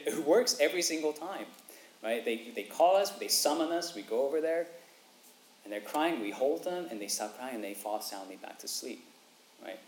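Animated man preaching in an echoey room. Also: medium pitch, a little hiss or hum. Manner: animated, repeats phrases for emphasis, acts out quotes. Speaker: pastor. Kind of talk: sermon. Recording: echoey room, faint ambience.

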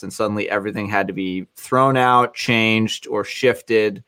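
A man's voice: lowish voice, a bit bright, smooth. A man hosting a podcast, chatting casually, joking and restarting his sentences as he goes. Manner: rambling, jokey, many restarts. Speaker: podcast host.

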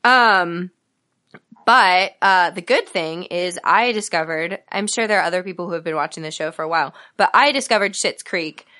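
A woman's voice: on the low side, moderate pace, pushed and bright. A woman co-hosting a podcast, chatting casually and hesitantly with frequent ums. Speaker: podcast co-host. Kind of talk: casual chat.

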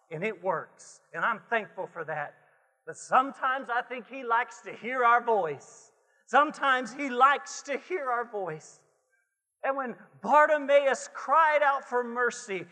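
A man preaching a sermon as pastor, swinging between hushed lines and shouted refrains. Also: very high-pitched. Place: church sanctuary. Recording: long hall reverb.

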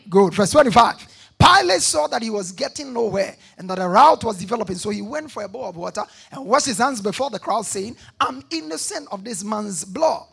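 A man preaching a sermon, reading scripture aloud and calling on the congregation to answer back, rising to shouts at the peaks. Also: sits high, expressive, a little fast, vocal fry, slightly rough. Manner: call-and-response, shouting at peaks.

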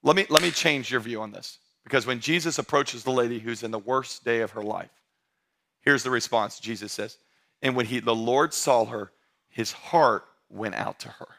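A male pastor preaching a sermon with lots of energy, mixing jokes and sudden shouts with soft, intimate moments. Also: medium pitch, moderate pace, vocal fry. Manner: drops to soft, intimate tones for emphasis.

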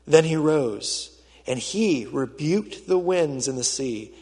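A male pastor preaching a sermon, telling the story dramatically and swinging from loud, urgent passages to hushed ones. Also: a little high, lively intonation, a little slow. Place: church auditorium with a screen. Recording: reverberant hall.

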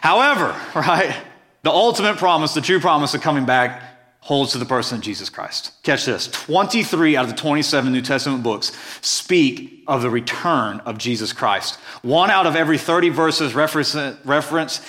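A man's voice: on the high side, moderate pace, bright, forceful tone. A man preaching a sermon as pastor, reading scripture and explaining it earnestly and emphatically.

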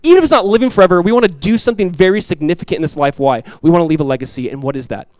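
A man in his thirties, a pastor giving a sermon in a relaxed, conversational way, telling stories with asides. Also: high-pitched, very fast, no room sound, low-quality recording. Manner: conversational, animated storytelling with asides.

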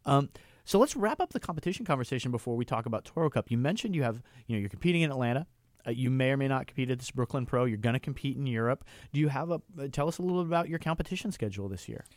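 A man's voice: medium pitch, expressive, very fast, dry recording. A man hosting a radio show, chatty and enthusiastic as he talks with a guest in the studio. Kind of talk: casual radio interview. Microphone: studio mic.

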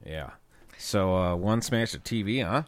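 A man's voice: low-pitched, lively intonation, measured pace, no room sound. A man co-hosting a casual podcast, joking and swearing as he rambles. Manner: profane, jokey, rambling. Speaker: podcast co-host. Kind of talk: casual chat.

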